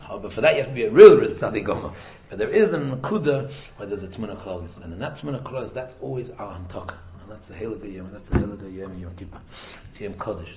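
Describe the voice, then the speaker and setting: A man's voice: medium pitch, creaky, a little hiss or hum. A man giving an informal Torah lesson as a rabbi, repeating words and restarting, mixing in Hebrew and Yiddish terms. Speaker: rabbi teaching a Torah talk. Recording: tinny phone-like echoey room recording.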